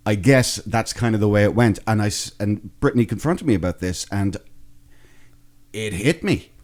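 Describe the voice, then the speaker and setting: A man's voice: fairly low pitch, moderate pace, darkish tone. A man in his thirties from Ireland with a Waterford accent, co-hosting a podcast in casual, rambling, self-deprecating chat. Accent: Irish, Waterford. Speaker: podcast co-host.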